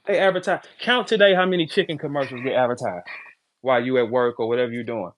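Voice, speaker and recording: A man ranting crudely and loudly in a casual talk, profane and joking. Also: mid-range voice, fast talker. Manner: loud, profane, jokey. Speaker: battle rapper on a live audio chat.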